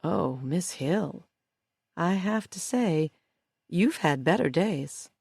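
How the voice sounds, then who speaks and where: Casting: woman reading a smug audiobook villainess with a slow, low, quietly mocking drawl, dry close mic. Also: expressive, vocal fry, breathy edge, dry recording, full character voice. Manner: slow, soft, mocking delivery. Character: cool, scheming woman, smug and taunting. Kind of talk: audiobook character voice.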